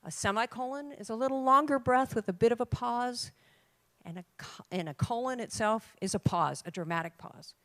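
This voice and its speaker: An older woman giving an emphatic, lively talk to a room of writers, with dramatic pauses. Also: on the high side, no echo. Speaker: conference speaker. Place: conference room.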